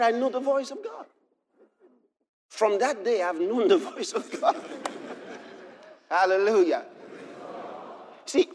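Lively high-pitched male preacher. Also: slight background noise. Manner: builds from quiet storytelling to shouted exclamations. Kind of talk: sermon.

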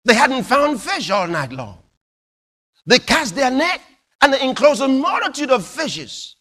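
A male preacher delivering a sermon in a high, bright voice that swings widely in pitch. He tells his stories slowly and dramatically, leaping from hushed near-whispers to ringing shouts. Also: big pitch swings. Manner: dramatic, exclamatory storytelling with sudden loud bursts and hushed drops.

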